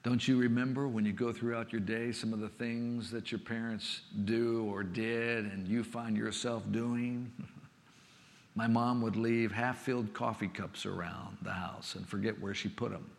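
A man preaching a sermon with expressive delivery, dropping to a soft, hushed voice for a personal story. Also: mid-range voice, a little slow, gravelly. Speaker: pastor. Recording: long reverb of a large hall.

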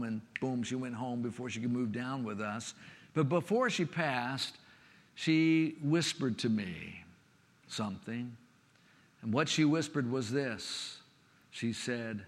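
A man's voice: medium pitch, a little slow. Man preaching in an echoing hall. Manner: expressive preaching, drops to a soft, hushed voice for a personal story. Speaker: pastor. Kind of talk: sermon. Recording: long reverb of a large hall.

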